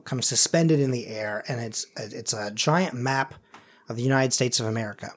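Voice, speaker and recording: A man running a tabletop role-playing game as game master, narrating casually with lots of "sort of" and "um". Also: mid-range voice. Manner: casual, hesitant with fillers like "sort of" and "um".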